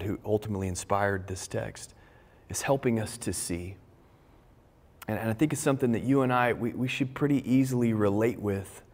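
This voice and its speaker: A man's voice: lowish voice, a little mellow. A man preaching a sermon as a pastor, talking conversationally and telling personal stories with frequent restarts. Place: church stage with large crowd. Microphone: stage microphone. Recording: long hall reverb.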